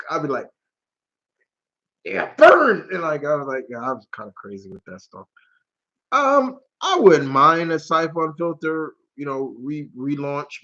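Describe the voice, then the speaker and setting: A man's voice: mid-range voice, fairly bright tone, lo-fi sound. A man hosting a live question-and-answer stream, chatting casually and rambling, with free swearing. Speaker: channel host.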